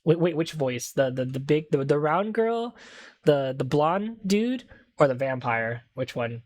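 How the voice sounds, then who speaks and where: A woman's voice: deep voice, lively intonation, measured pace, darkish tone. A woman streamer making crude, joking asides while playing a game. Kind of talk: casual game stream commentary.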